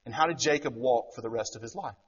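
A man's voice: medium pitch, quick pace, slightly rough, muffled recording. A middle-aged man preaching a sermon, who keeps asking the congregation rhetorical questions. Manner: asks rhetorical questions, acts out quoted voices. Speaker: pastor.

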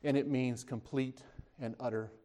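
A man preaching a sermon, retelling scripture as a story, asking his listeners questions and lifting his voice when he speaks the disciples' lines. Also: moderate pace. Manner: animated storytelling, voices the disciples' words with rising pitch; conversational, asks the listeners questions.

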